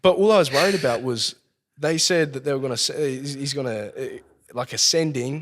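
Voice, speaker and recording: A man's voice: mid-range voice, brisk, fairly bright tone. An Australian man telling a long story as a podcast guest, swearing constantly and rambling as he goes. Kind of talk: casual storytelling. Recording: long hall reverb.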